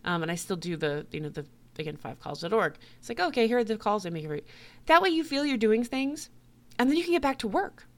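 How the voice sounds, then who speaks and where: A woman's voice: mid-range voice, quick pace. A woman hosting a podcast, ranting bluntly in a casual monologue, swearing often and laughing between points. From United States. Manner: blunt, profane, laughing, animated. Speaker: podcast host.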